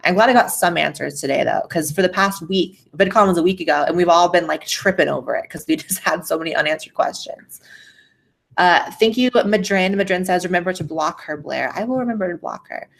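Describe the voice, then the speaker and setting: A woman's voice: lowish voice, fairly quick, creaky. A woman hosting a casual livestream and reading super chats aloud, blunt and profane, on a faulty mic that keeps cutting out. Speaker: livestream host.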